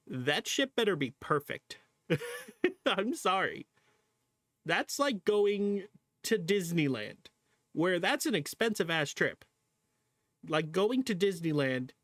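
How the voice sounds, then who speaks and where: Reacting to a video on a livestream, this man talks casually to his viewers, often laughing, cursing without restraint and calling out at what he sees. His voice is fairly high and a bit bright, recorded at studio quality with no echo.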